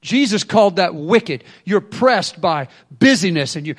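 Male pastor, high voice, energetic sermon that swings loud and soft. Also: moderate pace, few pauses. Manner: energetic preaching, acts out excuses in quotes; swings between loud bursts and quiet asides.

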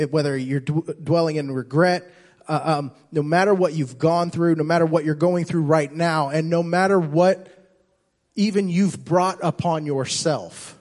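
A slightly high male voice carries this impassioned sermon, delivered by a pastor who keeps restarting and repeating phrases. His volume rises and falls from loud to soft.

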